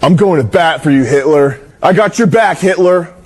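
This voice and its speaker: A man voicing an over-eager male zealot in a loud, mocking put-on. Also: on the high side, normal speed, pitched above the performer's own voice, lightly acted. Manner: shouting, mocking. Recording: noisy recording.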